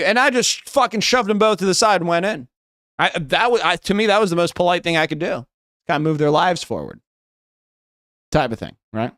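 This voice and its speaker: A man's voice: high-pitched, animated, moderate pace, fairly bright tone, dry recording, studio quality. A young man with a West Coast American accent chatting casually on a livestream, rambling, swearing and thinking aloud as he reads chat. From United States. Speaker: streamer.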